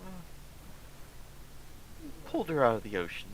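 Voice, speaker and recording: Lively male game master, noisy mic. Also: medium pitch, moderate pace. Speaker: dungeon master. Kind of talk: narrating a tabletop game and voicing the captain.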